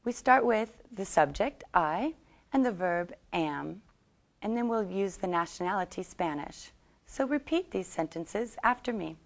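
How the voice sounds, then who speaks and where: A woman teaching English, reading a scripted lesson and saying model sentences slowly for learners to repeat. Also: mid-range voice, animated. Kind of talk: scripted language lesson narration.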